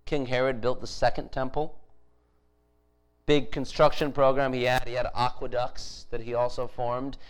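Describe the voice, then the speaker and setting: A man's voice: medium pitch, little pitch movement, normal speed, clean tone, poor audio. A man preaching a sermon in a conversational way, with frequent restarts and emphatic rises. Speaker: pastor.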